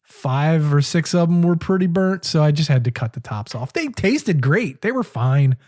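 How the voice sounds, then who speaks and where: A man's voice: on the high side, normal speed. A man co-hosting a cooking school podcast, telling a story in casual chat, swearing freely and acting out what he said at the time. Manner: profane, animated storytelling, quoting himself.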